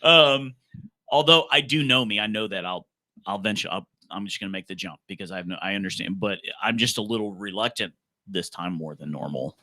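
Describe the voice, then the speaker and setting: A man's voice: on the low side, animated, fairly quick, pushed and bright, dry recording. A man hosting a podcast in casual chat, joking, laughing often and trailing off mid-thought. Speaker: podcast host.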